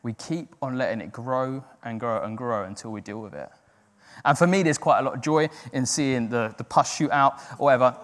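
A man's voice: medium pitch, fairly quick. Man preaching in a reverberant hall. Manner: earnest, self-deprecating, acts out inner voices. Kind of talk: sermon.

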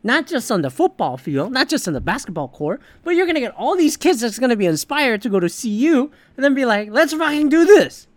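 A man's voice: very high-pitched, sing-song, a little fast, few pauses, no room sound. A male podcast host on a cursing sports rant, his voice swinging widely up and down as he gets fired up. He sounds close and dry, with no room around him. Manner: profane, heated, opinionated.

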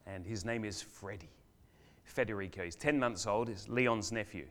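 An older man delivers a sermon in a church, spinning a story with dramatic pauses. His voice swells loud on questions and falls to a near whisper on key lines. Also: fairly low pitch. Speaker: guest preacher.

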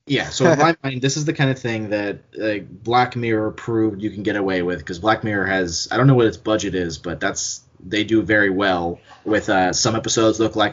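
A man's voice: fairly low pitch, a little fast, few pauses, lo-fi sound. A man co-hosting a podcast, talking casually and rambling as he thinks aloud. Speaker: podcast co-host. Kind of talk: casual chat.

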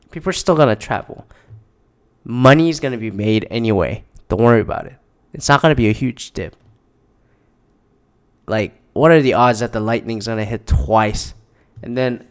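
A man's voice: mid-range voice, a bit bright, clean tone. A man in a casual, rambling monologue, exasperated and swearing often.

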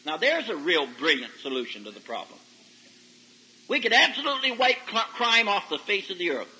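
A man preaching a folksy sermon to young people, telling stories and rising to loud emphatic peaks. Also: sits high, a little fast, low-quality recording. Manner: folksy, animated storytelling with sudden loud rises. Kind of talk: sermon to a youth service. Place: camp meeting service. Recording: old 1990s radio broadcast recording.

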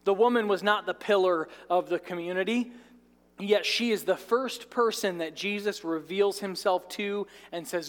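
High-voiced pastor in a reverberant church. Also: male voice, moderate pace. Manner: conversational preacher, drops into asides and light jokes. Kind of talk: sermon. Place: church sanctuary. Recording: reverberant large church hall.

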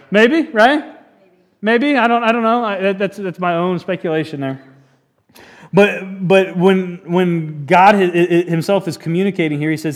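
A male pastor preaching in a church with an animated, joking delivery. He restarts his sentences often as he talks. His voice sits on the higher side for a man. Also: moderate pace. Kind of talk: sermon.

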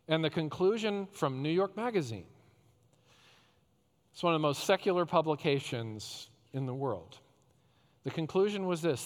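A male pastor preaching a sermon, swinging between loud rhetorical questions and hushed, tender phrases. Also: fairly high pitch. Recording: long hall reverb.

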